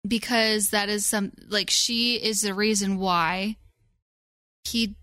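A woman's voice: mid-range voice, fairly even intonation, slow pace, bright, forceful tone, dry recording, clean studio sound. Chatty woman podcast co-host. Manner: chatty, rambling, says "like" often. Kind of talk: casual podcast chat.

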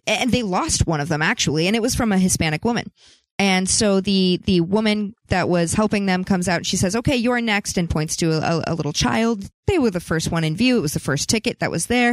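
A woman's voice: mid-range voice, dry recording. A woman reading news on a talk show who adds her own commentary, tells stories expressively and exclaims and laughs. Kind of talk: chatty news segment with commentary.

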